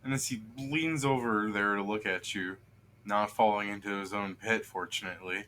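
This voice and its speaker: A man's voice: fairly low pitch, normal speed. A man running a tabletop game as game master, who narrates casually and jokes and laughs a lot. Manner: laughs a lot, relaxed and joking.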